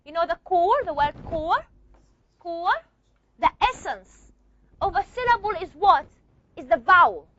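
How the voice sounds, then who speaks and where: High, bright-voiced woman lecturing a class. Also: expressive, moderate pace, highs cut off. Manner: explains step by step, asks the class frequent check questions. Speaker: phonetics lecturer.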